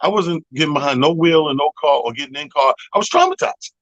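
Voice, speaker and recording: A slightly high-voiced man tells a long story on a radio talk show. He swears freely and acts out the other people in it. His voice is close and dry, with no room sound. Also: fairly even intonation, quick pace, a bit bright, no room sound, lo-fi sound. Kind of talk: casual storytelling chat. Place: radio studio. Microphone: studio microphone.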